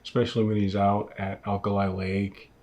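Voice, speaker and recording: Laid-back low-voiced man rambling about films. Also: monotone, moderate pace, darkish tone. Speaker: podcast co-host. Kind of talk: casual film podcast chat. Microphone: video call.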